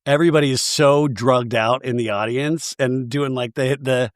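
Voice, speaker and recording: A man's voice: fairly even intonation, normal speed, dry recording, studio quality. A man hosting a podcast, chatting casually through a recap and acting out the quotes he tells. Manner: chatty, acts out quotes in high voices. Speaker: podcast host.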